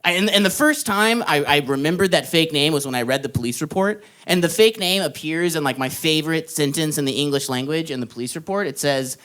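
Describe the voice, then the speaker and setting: A young man doing stand-up, telling a story in an animated way, laughing along and jumping into loud put-on voices. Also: on the high side, a little fast, hardly any pauses. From Texas. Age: young adult. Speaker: stand-up comedian. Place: live comedy club stage.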